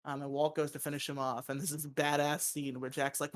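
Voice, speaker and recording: Speaking briskly in a flat, fairly high voice, this casual film podcast host walks through the plot, cursing offhandedly, laughing often and performing lines of dialogue.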